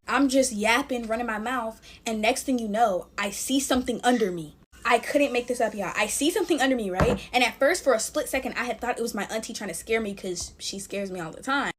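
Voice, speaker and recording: A woman's voice: on the high side, slight background noise. A woman chatting straight to her viewers, telling a scary story while she makes slime. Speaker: storytime vlogger.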